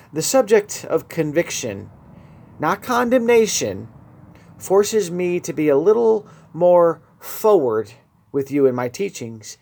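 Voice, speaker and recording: A male radio preacher with a slightly higher voice delivers an earnest sermon. He speaks straight into a studio microphone and swells to emphatic peaks. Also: a little mellow.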